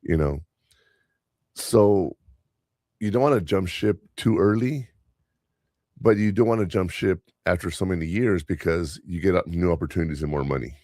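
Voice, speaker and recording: A man's voice: sits low, normal speed, pauses often, a little mellow, dry recording, clean studio sound. A man hosting a podcast, telling workplace stories in a casual, rambling way with lots of fillers and restarts. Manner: chatty storyteller, many fillers and restarts. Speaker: podcast host. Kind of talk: casual chat.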